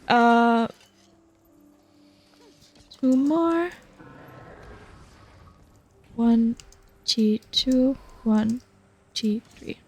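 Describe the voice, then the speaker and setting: A woman's voice: on the high side, extremely slow, long pauses, a little mellow. A woman streamer chatting casually while she plays a game, giggling a lot between lots of fillers. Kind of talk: casual chat while gaming.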